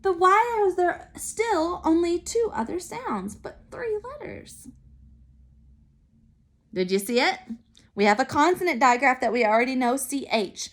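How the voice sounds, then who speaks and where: A woman teaching a phonics lesson to young children, sounding out letters and syllables slowly and clearly. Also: sits high, very animated. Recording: recorded for remote learning.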